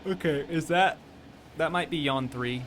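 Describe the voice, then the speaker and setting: A man's voice: fairly high pitch, unhurried, a little hiss or hum. A man streaming a park-building game, chatting casually and rambling along while tired at the end of a long stream. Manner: relaxed, rambling, self-amused.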